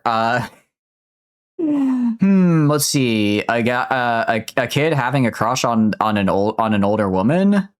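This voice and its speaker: A man's voice: medium pitch, very animated, slow pace, smooth. A man streaming a game, chatting casually, answering chat and laughing often. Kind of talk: casual gameplay commentary.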